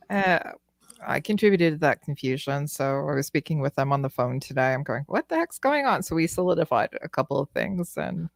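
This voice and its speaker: A woman with a fairly low voice co-hosts a casual talk show. She tells a story in a chatty way and often laughs as she goes. Her voice is recorded close and dry. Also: creaky, no room sound. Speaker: co-host. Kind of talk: casual chat. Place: studio.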